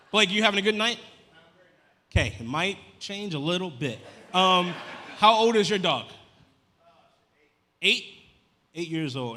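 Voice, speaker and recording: A man doing a deadpan stand-up set with crowd work. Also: a little high, slight background noise. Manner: deadpan, chatty crowd work with casual slang. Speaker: stand-up comedian. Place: comedy club stage. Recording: live venue with long reverb.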